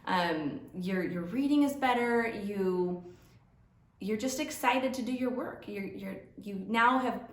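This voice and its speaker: A woman teacher giving heartfelt end-of-year praise to students, halting, with many fillers. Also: medium pitch, distant mic. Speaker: teacher at a school program. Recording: echoey room, voice from off-mic.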